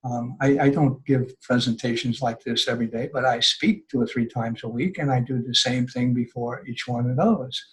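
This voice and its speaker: An older man speaking as a podcast guest, giving earnest, conversational advice and acting out people's words in lively voices. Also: medium pitch, normal speed, hardly any pauses, low-quality recording.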